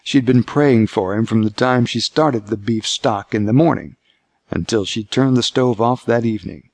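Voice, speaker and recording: Gravelly-voiced male audiobook narrator. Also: medium pitch, moderate pace, a little mellow, dry recording. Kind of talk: scripted narration.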